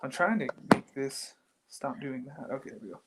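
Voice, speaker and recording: A man investigating an old building, talking excitedly and rambling with lots of fillers, sometimes dropping to a whisper. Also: mid-range voice, normal speed, noisy background. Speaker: paranormal investigator. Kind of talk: live on-location ghost hunt. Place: walking through an old building indoors.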